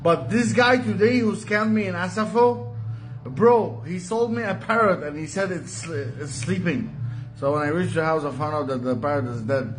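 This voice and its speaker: A man's voice: a little high, normal speed, faint music behind. A man in a played video clip, complaining in an exasperated, self-mocking way and calling the listener bro.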